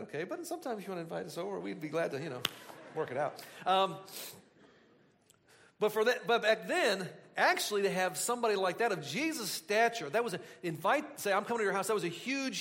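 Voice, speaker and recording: Animated high-voiced man preaching. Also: big-room sound. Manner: animated, chatty asides, frequent restarts. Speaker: pastor. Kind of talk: conversational sermon.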